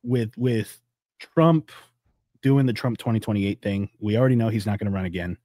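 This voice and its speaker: A man's voice: moderate pace, warm tone, dry recording, clean studio sound. A man co-hosting a podcast, chatting loosely and profanely and rambling about politics. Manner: loose, rambling, profane, acts out quotes in a high voice. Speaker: podcast co-host. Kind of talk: casual political chat.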